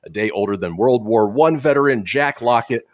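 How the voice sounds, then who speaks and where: On a comedy talk show, a male radio host reads quirky news stories and drops jokes between them. His animated delivery moves at normal speed with a widely swinging pitch, and the sound is dry, close to the mic, with no echo.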